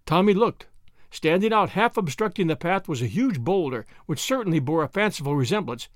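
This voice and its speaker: A man reading a novel aloud as an audiobook narrator, with measured storytelling. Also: fairly high pitch, animated, no echo, studio quality. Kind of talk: scripted narration.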